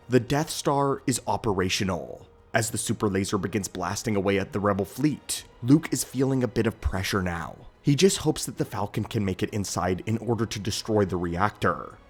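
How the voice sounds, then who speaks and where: A man narrating a scripted story in a steady, measured storytelling delivery as the channel's host. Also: lowish voice.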